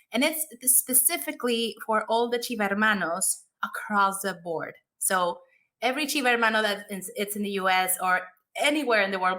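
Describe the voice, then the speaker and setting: A young woman co-hosting a podcast, talking in a casual, excited, chatty way and laughing often. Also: mid-range voice. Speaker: podcast co-host.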